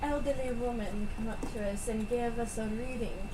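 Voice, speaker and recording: High-voiced woman player explaining slowly. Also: steady tone, background noise. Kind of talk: casual tabletop chat.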